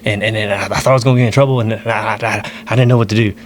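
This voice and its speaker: A man's voice: on the low side, steady tone, very fast, slight background noise, close to an everyday voice. A man putting on a stammering, panicky stoned uncle. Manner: stutters, repeats words, frantic.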